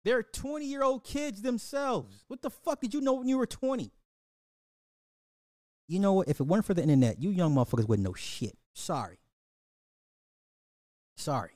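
A man hosting a podcast, ranting about social topics to his audience in a profane, animated way, often repeating and restarting words and laughing at his own points. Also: high-pitched, normal speed, long pauses, no room sound, clean studio sound. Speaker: podcast host. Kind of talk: live-stream social commentary rant.

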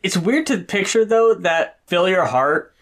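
A man's voice: high-pitched, animated, a little slow. A man co-hosting a podcast, chatting loosely about an album with plenty of swearing and filler words. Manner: loose and profane, lots of fillers. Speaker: podcast co-host. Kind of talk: casual music review chat.

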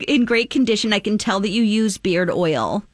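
A woman radio host running a prank phone call with an earnest pitch, stifling laughs. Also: lively intonation, moderate pace, no echo, studio quality. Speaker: radio morning show host.

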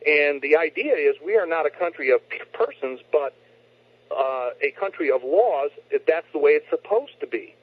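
A man's voice: a little high, expressive, normal speed, husky, dry recording. A man, a guest on a talk show, explaining his views earnestly over a phone line and often restarting his sentences. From United States. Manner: earnest, lecturing, frequent restarts. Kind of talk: opinionated interview talk. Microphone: telephone.

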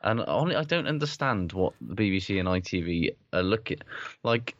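A man's voice: low-pitched, expressive, normal speed, dry recording. A man co-hosting a rugby podcast, talking bluntly and swearing a lot. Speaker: podcast co-host. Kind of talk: casual chat about rugby. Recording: dull, dry lo-fi sound.

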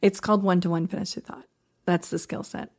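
Woman podcast host, coaching tone, lively delivery with playful demos. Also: lowish voice, fairly quick. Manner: animated, demonstrates voice examples, laughs often.

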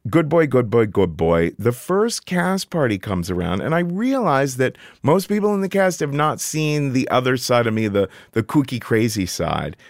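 A middle-aged man telling a personal story in casual conversation as a podcast guest, animated and jumping up in pitch when he quotes himself. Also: moderate pace, few pauses, no echo, clean studio sound.

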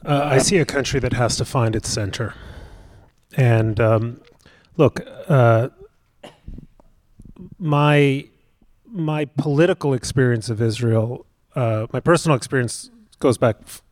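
A man's voice: medium pitch, a little slow, pauses often, a little mellow, no room sound. A man on a panel answering a question thoughtfully, restarting his phrases with hesitant "uh"s.

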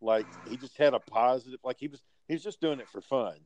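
Over a low-quality recording, a male podcast co-host with a mid-range voice tells a convention tale at a quick pace. He swears a lot and animatedly acts out what other people said, keeping the chat casual.

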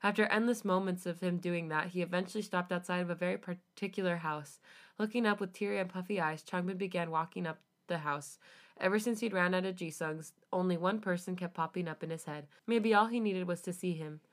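A woman co-hosting a podcast, reading fanfiction aloud with an expressive delivery. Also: lowish voice. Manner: expressive reading, quick to laugh. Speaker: podcast co-host.

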